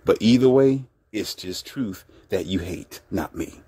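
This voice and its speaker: A man lectures bluntly on relationships in a brash, self-assured commentary. His voice sits fairly low. The sound is close and dry, with no room around it. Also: expressive, measured pace, warm tone, slightly rough, no echo. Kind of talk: casual commentary monologue.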